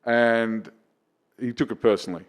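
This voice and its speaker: A man, a comedian guest on a casual podcast, telling a profane story that climbs to loud, excited retelling. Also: medium pitch, moderate pace.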